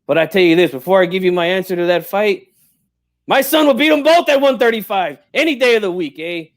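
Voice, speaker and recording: Brash old boxing dad, streetwise slang, prickly pride, slightly high voice, as a man puts him on. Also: lively intonation, brisk. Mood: boastful. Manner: streetwise slang, tags every line with "eh" and "Holmes". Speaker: guest in character.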